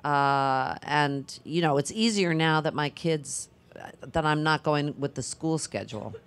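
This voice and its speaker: A woman's voice: sits low, unhurried, clear, resonant tone. Rambling, thoughtful middle-aged woman. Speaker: actress on a panel. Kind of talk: panel Q&A answer.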